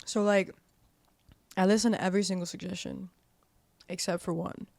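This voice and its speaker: A woman's voice: mid-range voice, steady tone, normal speed, creaky, a little mellow, no room sound. Profane, rambling young woman storyteller. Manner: profane and rambling, heavy use of "like". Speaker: podcast guest. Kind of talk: candid storytelling.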